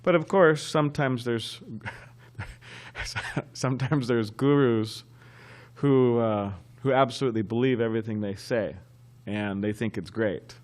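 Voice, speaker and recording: A man giving a scripture class at a temple, telling a story in a halting, conversational way. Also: mid-range voice. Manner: halting and conversational, often restarting.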